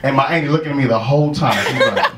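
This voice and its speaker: A man's voice: medium pitch, fast. A man doing stand-up, telling a story full of swearing and laughing at his own jokes. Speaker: stand-up comedian. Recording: echoey room with crowd noise.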